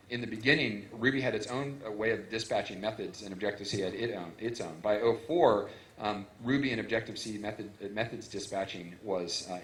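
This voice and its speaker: A lowish-voiced man speaks at a conference, walking through technical details in a loose, conversational way. He talks with many fillers and restarts into a stage microphone. His voice rings out in a roomy hall. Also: a bit bright. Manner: casual, filler-heavy explaining with frequent restarts.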